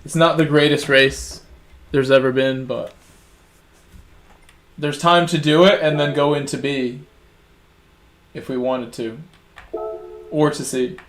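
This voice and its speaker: A man's voice: medium pitch, fairly even intonation, slow, long pauses. A man streaming a racing game, chatting casually and encouraging his viewers. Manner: chatty, encouraging, talks to chat. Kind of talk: casual live-stream chat. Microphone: gaming headset. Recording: roomy sound with faint music.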